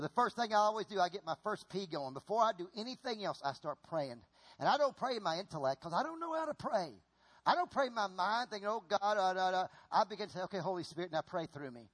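Male preacher, middle-aged, high voice, animated folksy delivery, repeats phrases. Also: a little fast. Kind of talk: sermon with stage demonstration.

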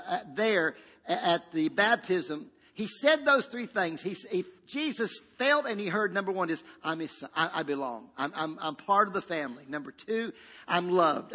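Emphatic pastor preaching in a reverberant hall. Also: male voice, sits high, sharp tone. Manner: emphatic, with repetitions and call-and-response. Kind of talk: sermon.

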